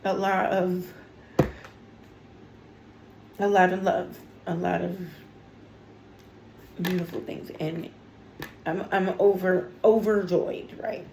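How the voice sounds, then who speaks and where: A woman's voice: lowish voice, steady tone, slow, creaky, pauses often, a little mellow, roomy sound, a little hiss or hum, rough recording. A woman giving a casual tarot reading on her channel, talking in an emotional, chatty way with lots of fillers, teary as she goes. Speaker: tarot reader.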